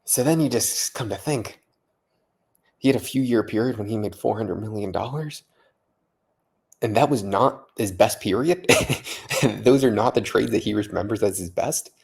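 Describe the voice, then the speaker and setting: A man's voice: on the low side, moderate pace, creaky, darkish tone, breathy edge. A man vlogging late at night, a little tipsy from vodka, rambling, swearing and repeating himself in amazement. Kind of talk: casual late-night vlog monologue.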